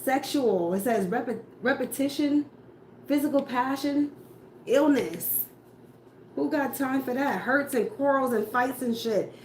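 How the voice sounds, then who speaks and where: Her voice sits high, a little slow and a little mellow, as she gives a casual tarot reading. She's blunt and profane, ranting with rhetorical questions about what the cards show, in an echoey, faintly noisy room.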